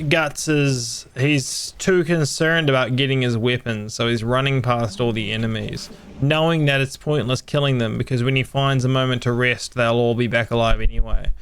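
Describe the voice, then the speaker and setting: A man's voice: medium pitch, fairly even intonation, normal speed, fairly bright tone, smooth. A young man chatting casually with friends while playing a video game, joking, teasing and swearing freely. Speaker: gamer streaming with friends. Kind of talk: casual gameplay chat.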